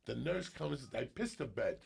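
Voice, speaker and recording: Gravelly, profane storytelling man. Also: medium pitch, normal speed. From New Jersey, USA. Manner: profane, animated, acts out quotes. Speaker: podcast guest. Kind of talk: casual storytelling on a podcast.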